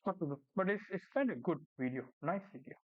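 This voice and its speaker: Indian-accented man hosting a reaction video, halting chatty delivery, thin phone-line sound. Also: sits high, expressive. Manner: hesitant, full of fillers and tag questions. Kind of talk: casual reaction commentary.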